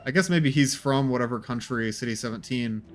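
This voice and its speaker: A man's voice: mid-range voice, fairly quick. A man streaming a game, musing aloud in a rambling, hesitant way. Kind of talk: casual gameplay commentary.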